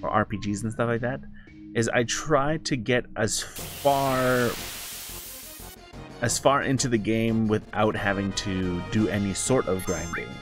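A man's voice: lowish voice, unhurried, over music. A man streaming a game live, chatting casually in a rambling, self-correcting way. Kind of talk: casual live gaming commentary.

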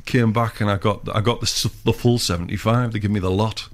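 A man's voice: fairly low pitch, fairly even intonation, brisk. A man, a filmmaker guest telling long, rambling anecdotes in casual chat. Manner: rambling storyteller, many restarts.

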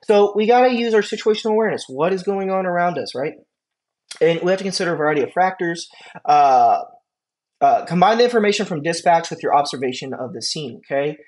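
This paramedic instructor lectures his classroom conversationally, his voice high-pitched, expressive and darkish in tone. He often checks understanding with "right?" and "okay?" and stages quick patient exchanges.

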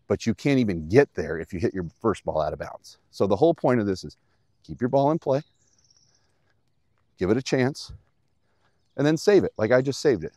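A man with a fairly low voice walks the viewer through a golf lesson out on the course. He is upbeat and plain-spoken, keeping things simple. The sound is close and dry, with little room in it. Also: expressive, moderate pace, pauses often, warm tone, no echo. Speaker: golf instructor.

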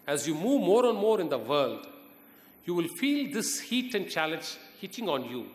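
A man with an Indian English accent giving a university lecture, earnest and exhorting, pausing for emphasis. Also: sits high, very animated. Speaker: guest lecturer. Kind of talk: university lecture answering student questions. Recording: echoey hall reverb.

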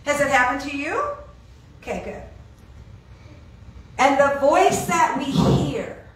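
A woman preaching a sermon in an animated way, asking her listeners questions and acting out the voices of pushy friends. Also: high voice, slow. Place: church hall. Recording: echoey hall, mic at a distance.

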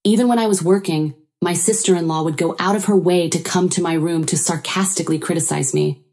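A woman's voice: fairly low pitch, steady tone, brisk, a little mellow. A woman narrating a first-person story in an earnest, sorrowful way.

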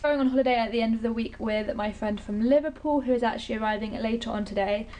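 A young woman from England chats to her camera in a light, slightly high voice. She rambles happily between asides in a relaxed beauty vlog. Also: a little hiss or hum. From Britain. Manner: chatty, rambling, bubbly, quick asides. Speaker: beauty vlogger. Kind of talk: casual vlog chat to camera.

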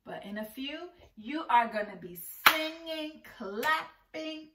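A high-pitched woman leads a preschool circle time, slow and sing-song, coaxing the kids along and slipping into little songs. She speaks slowly and stands a bit back from the mic. The room around her is echoey. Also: expressive, recorded from a distance, background noise. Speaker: preschool teacher. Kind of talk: online circle-time lesson for young children.

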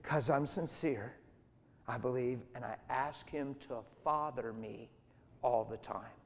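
A middle-aged man preaching a sermon, telling a story with energy and acting out the voices of other people. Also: medium pitch. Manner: animated storytelling, acts out voices. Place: large hall with long reverb. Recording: reverberant hall.

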